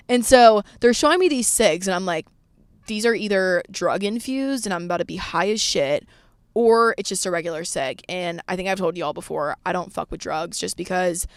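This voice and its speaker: A woman's voice: medium pitch, smooth, no echo. A woman in her twenties telling a candid, rambling story in a casual vlog, swearing freely and saying "like" often. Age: 20s. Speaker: vlogger.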